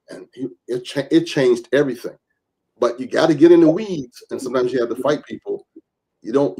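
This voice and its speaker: With a lowish, slightly rough voice, this man, a reverend and gun rights advocate, tells stories as a guest in a podcast interview. He's an animated storyteller who acts out the voices of those he quotes.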